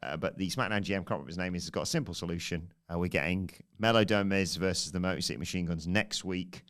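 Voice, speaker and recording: A man's voice: low-pitched, fast talker, fairly bright tone, clean tone. A man hosting a wrestling podcast, giving a casual, rambling and jokey recap with self-deprecating asides.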